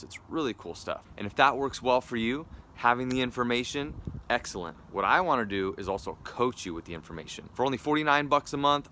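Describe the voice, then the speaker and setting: A man speaking as a wellness coach, giving an upbeat, persuasive pitch straight to viewers, with casual fillers along the way. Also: sharp tone, slight background noise. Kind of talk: direct sales pitch to viewers.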